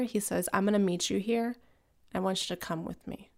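An earnest woman talks through a faith-based conversation in a reflective, steady way. Her voice stays level with little rise and fall, and a gravelly fry runs through it at mid pitch. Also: brisk.

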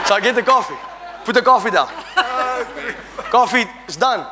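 A middle-aged man preaching a sermon to a congregation, animated and humorous, rising to shouts and drawing call-and-response. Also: sits high, unhurried, long pauses, a crowd in the background, noisy background. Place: church hall. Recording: church hall reverb.

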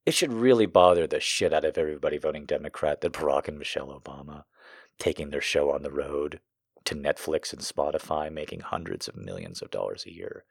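Guy from the states with a really low voice ranting hard about politics, cursing, emotional, dry close sound. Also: vocal fry, dry recording. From United States. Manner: heated, profane, emotional. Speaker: political commentator. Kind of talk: political rant to camera.

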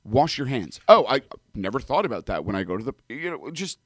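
A man from Canada with a mixed Canadian accent tinged with New York, a rabbi co-hosting a radio show, speaking loudly and passionately with frequent restarts. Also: mid-range voice, very animated, a little fast, no echo, clean studio sound. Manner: passionate, loud talker with many restarts. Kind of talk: casual radio talk show chat. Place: radio studio. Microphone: studio microphone without windscreen.

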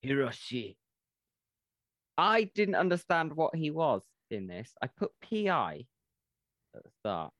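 A man's voice: fairly high pitch, very animated, slow, long pauses, fairly bright tone, no room sound, clean studio sound. A man co-hosting a casual film review podcast, joking and swearing freely. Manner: jokey, swears casually, short agreeing replies. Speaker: podcast co-host.

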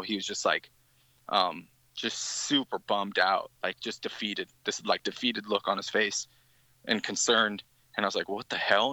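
A man's voice: lowish voice, bright, forceful tone, no echo, low-quality recording. A man, a band's guitarist, telling a rambling story in a casual podcast interview, with many restarts. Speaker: musician guest.

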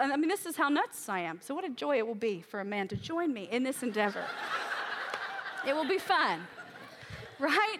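A woman's voice: high voice, big pitch swings, normal speed, a bit bright. A woman preaching a sermon in a candid, emotional way, acting out her own prayers aloud and sounding tired from crying.

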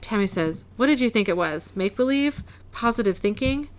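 A woman's voice: medium pitch, lively intonation, a little fast, slight background noise. A woman casually recapping a TV episode, narrating scenes and quoting characters' lines, often laughing. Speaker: podcast co-host recapping an episode. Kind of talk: casual chat, reading scenes aloud.

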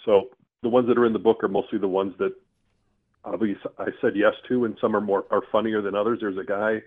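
A middle-aged man, a guest telling a personal story in an earnest, animated way. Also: on the low side, fast talker. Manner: earnest, animated storyteller acting out his own asides. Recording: tinny phone-line sound.

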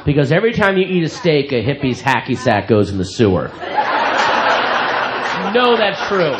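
On a club stage, a male stand-up comedian confronts hecklers, loudly and profanely mocking audience members who wouldn't stop talking, sounding incredulous. His medium-pitched voice swings widely in pitch at a normal speed. The live club recording carries crowd noise, audience laughter and general club sounds.

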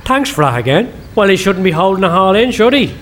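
A man's voice: sits high, big pitch swings, brisk, fairly bright tone, a little hiss or hum. A man playing a sly, swearing detective, teasing in a comedy sketch. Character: cheeky, foul-mouthed detective, sly mischief-maker.

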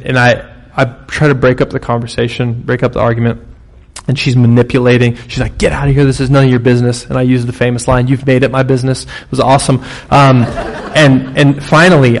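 Gravelly conversational male preacher. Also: mid-range voice. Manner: conversational, storytelling preacher with sudden bursts of emphasis. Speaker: pastor. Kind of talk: sermon.

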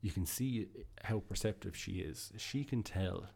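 A man with a low, creaky voice and lively intonation speaks at a measured pace as a comics-reviewing podcast host. His enthusiastic, casual review rambles, with frequent restarts and fillers.

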